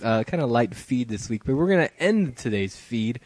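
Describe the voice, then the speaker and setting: Podcast host, a man with a lively up and down voice, laughs a lot, dry sound. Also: medium pitch, normal speed, no echo. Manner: laughs often, animated, rambling. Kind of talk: casual chat.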